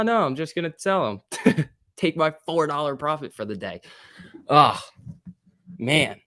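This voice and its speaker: A man's voice: mid-range voice, a bit bright. Chatty young man hosting a livestream. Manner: chatty, reads out stock prices and viewer names. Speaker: livestream host. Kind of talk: casual live market commentary.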